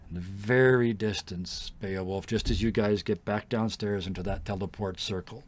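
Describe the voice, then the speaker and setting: A man narrating as game master, relaxed and rambling, with fillers and laughter. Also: on the low side, moderate pace, husky.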